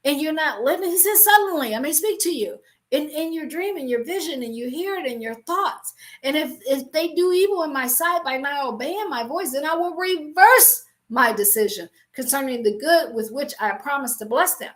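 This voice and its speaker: High-voiced emphatic woman teaching business from scripture. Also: moderate pace. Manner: emphatic, animated, with many restarts. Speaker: business coach and Bible teacher. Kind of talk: faith-based business teaching.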